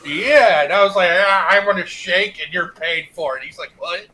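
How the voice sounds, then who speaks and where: High, bright-voiced man swearing casually. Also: sing-song, moderate pace. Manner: loose, swears freely, acts out quotes. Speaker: co-host of a chill stream. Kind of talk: casual storytelling chat.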